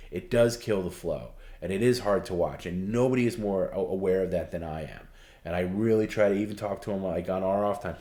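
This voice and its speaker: A man's voice: fairly low pitch, a little mellow. A man with a dry throat, rambling and hesitant as he answers viewer questions as a stream co-host. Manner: rambling, hesitant, self-correcting. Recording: roomy echo.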